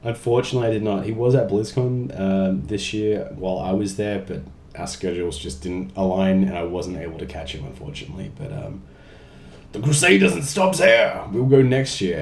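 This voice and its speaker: A man's voice: deep voice, slight background noise. A young man casually answering fan questions in a vlog, reading each one aloud and joking around. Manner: chatty, jokey, reads questions aloud. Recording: roomy echo.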